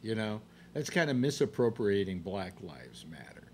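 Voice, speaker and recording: A man's voice: lowish voice, sing-song, moderate pace, a little mellow, slight background noise. A man hosting a casual panel chat, blunt and wisecracking. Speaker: host.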